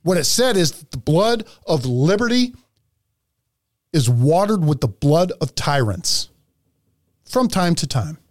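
A man's voice: fairly high pitch, very animated, a little slow, pauses often. A man hosting a podcast, ranting profanely through heated political commentary. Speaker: podcast host.

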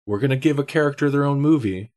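A man's voice: medium pitch, fast talker, darkish tone. A man co-hosting a podcast in casual chat, opinionated and thinking aloud as he talks. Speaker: podcast co-host.

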